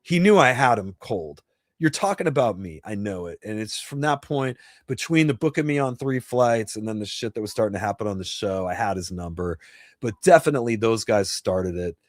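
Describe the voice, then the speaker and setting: Brisk and animated, a lower-voiced man in his fifties from New Jersey runs a casual live Q&A from his home stream setup. He rambles bluntly, swears freely and keeps restarting, captured in clean studio sound with no room noise.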